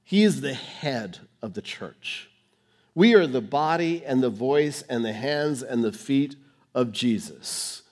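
A male pastor preaching a sermon on stage under lights, sharing his testimony with dramatic swings between hushed and emphatic, rushing then slowing for key phrases. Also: medium pitch, lively intonation. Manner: fast rushed delivery, slowing for key phrases.

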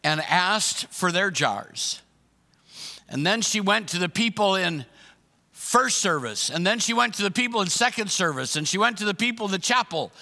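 Bright, high-voiced man preaching. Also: vocal fry, long reverb tail. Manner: emphatic preaching, repeats questions, acts out voices of others. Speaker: pastor. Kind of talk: sermon.

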